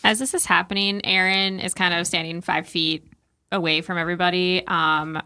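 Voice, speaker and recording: A woman's voice: on the low side, level tone, normal speed, pushed and bright, smooth. A woman playing a tabletop game, asking the game master focused questions about the scene. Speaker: player. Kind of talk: tabletop role-play.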